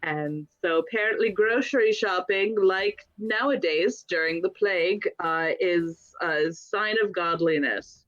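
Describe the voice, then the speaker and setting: Profane rambling woman, low voice. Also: a bit bright, dull audio. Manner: rambling, profane, slips into quick character voices. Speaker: player giving a session recap. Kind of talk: casual tabletop game recap.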